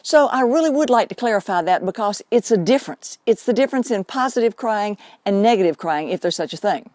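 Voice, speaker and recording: A woman's voice: medium pitch, animated, brisk, darkish tone, dry recording. A woman hosting her own show, talking unscripted to camera in an earnest, explaining way and drawing out words for emphasis. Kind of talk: unscripted direct-to-camera talk.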